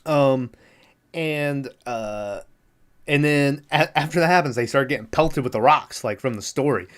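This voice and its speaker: A man's voice: medium pitch, a little slow. A man hosting a podcast, retelling a movie plot in a loose, rambling way, full of filler words and swearing. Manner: rambling, filler-heavy, profane, laughs at the film. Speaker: podcast host. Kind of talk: casual movie recap.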